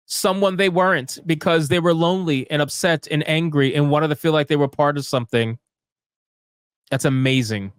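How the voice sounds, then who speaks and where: A man's voice: on the high side, a bit bright, clear, resonant tone, no echo, clean studio sound. A man giving sarcastic, ranting live commentary as a streamer, firing off rhetorical questions. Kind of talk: live commentary reading tweets.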